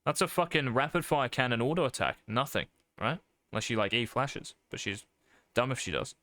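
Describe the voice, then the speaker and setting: A man's voice: mid-range voice, lively intonation, a little fast, bright, forceful tone, dry recording. A man coaching a player over a live stream, blunt and profane, calling his student mate. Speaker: game coach.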